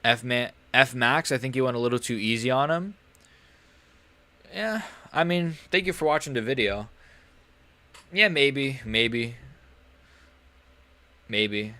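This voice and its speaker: A man's voice: mid-range voice, lively intonation, takes it slowly, long pauses, pushed and bright, dry recording. Man rambling through live fight reactions. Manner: rambling, joking, slangy. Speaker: live stream host.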